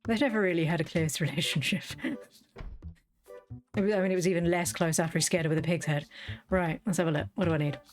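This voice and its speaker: A chatty woman with a low voice who tells wry stories as she plays a game and laughs easily along the way. Quiet game music runs faintly behind her. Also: fast talker, pauses often. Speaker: gaming streamer. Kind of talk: casual storytelling while playing.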